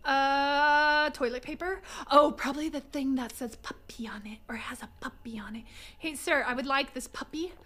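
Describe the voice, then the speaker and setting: A woman streaming a game live from home, excitable and jokey, swearing and laughing often as she talks to chat. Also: high-pitched, moderate pace. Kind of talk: live gameplay commentary.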